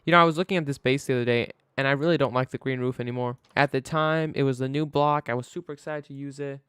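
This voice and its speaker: A man's voice: mid-range voice, steady tone, quick pace, a bit bright, clear, resonant tone, no room sound, studio quality. A man live-streaming a building game, chatting casually and thinking aloud to himself as he works.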